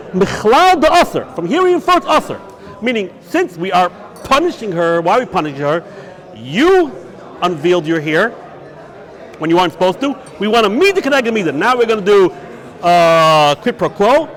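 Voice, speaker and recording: This rabbi's yeshiva talk on Jewish law is animated, carried by a fairly high male voice with big swings in pitch. He mixes Hebrew and Yiddish words into his English and keeps putting questions to himself, then answering them.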